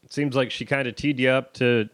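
A woman's voice: a bass voice, steady tone, brisk, no room sound. A woman hosting a casual chat, giving short reactions and follow-up questions.

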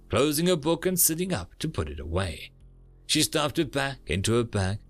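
A man narrating a story in a lively storytelling manner. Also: mid-range voice. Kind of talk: audiobook narration.

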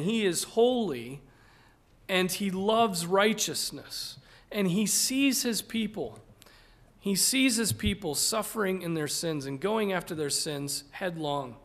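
A male pastor delivering an expository sermon at an unhurried, deliberate pace. His voice sits a little high for a man. He presses his points with emphasis and keeps asking "right?" to draw listeners along. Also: animated, fairly bright tone. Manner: earnest and emphatic, often tags "right?", repeats words.

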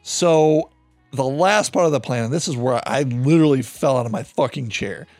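A man hosting a podcast, retelling a true-crime case in a loose, animated, profane way. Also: mid-range voice, moderate pace, no echo, soft background music. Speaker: podcast host. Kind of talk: casual true-crime storytelling.

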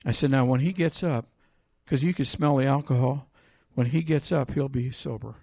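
Animated man preaching a sermon. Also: mid-range voice, moderate pace, vocal fry, no echo, clean studio sound. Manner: animated, swings between loud emphatic reading and quiet storytelling. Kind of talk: sermon with scripture reading and storytelling.

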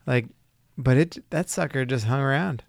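A man's voice: mid-range voice, moderate pace, creaky, no echo, studio quality. A man co-hosting a podcast, chatting casually with brief, laid-back replies and a slightly sore throat. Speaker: podcast co-host.

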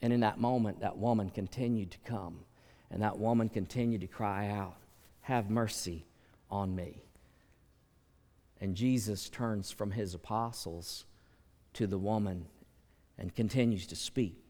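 A man's voice: fairly low pitch, fairly even intonation, normal speed, mellow. A man preaching a sermon as pastor, conversational, with folksy asides and sudden bursts of volume. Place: church sanctuary. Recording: long church hall reverb.

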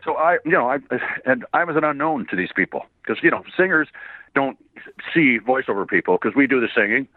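A man from Canada, slightly hoarse, telling rambling stories as a guest voice actor, laughing often and acting out quoted voices. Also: medium pitch, animated, brisk, dry recording. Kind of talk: casual interview storytelling. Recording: tinny phone line.

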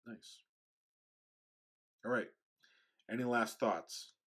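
A man's voice: mid-range voice, very slow, fairly bright tone, breathy edge. A man co-hosting a podcast in casual chat, hesitant and often trailing off. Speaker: podcast co-host.

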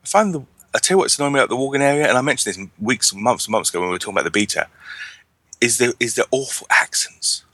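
A man's voice: medium pitch, animated, very fast, bright, forceful tone, no echo. A man co-hosting a casual podcast chat, wry and rambling, with frequent restarts. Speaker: podcast co-host.

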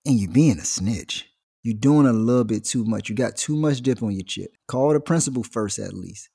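A man delivering a slangy comic monologue, telling stories and slipping into quick voices. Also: mid-range voice, vocal fry, slightly rough. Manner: animated slangy storytelling, jumps into voices. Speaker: comedian. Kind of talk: stand-up style comic monologue.

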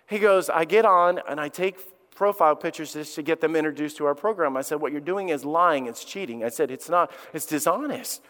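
A middle-aged man, a pastor, preaching a sermon and telling a personal story in an earnest way that rises to loud, emphatic peaks. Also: sits high, brisk. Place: church sanctuary. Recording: long reverb of a large hall.

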